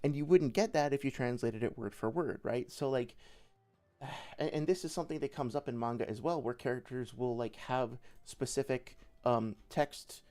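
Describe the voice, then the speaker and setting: A man's voice: mid-range voice, moderate pace, warm tone. A young man giving casual livestream commentary as a debate reviewer, rambling with many fillers and restarts.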